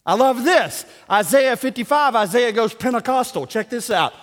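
High-voiced preacher in a big church. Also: male voice, normal speed, few pauses, big-room sound. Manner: comic, animated, self-mocking, bursts into shouts. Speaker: pastor. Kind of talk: sermon. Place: large church sanctuary.

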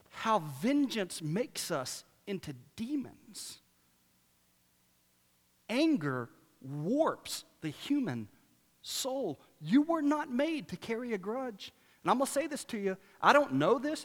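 A man preaching a sermon as pastor, passionate and sarcastic by turns, moving between quiet storytelling and loud exhortation in a large church. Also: high voice. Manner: sarcastic asides. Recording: long reverb of a big church hall.

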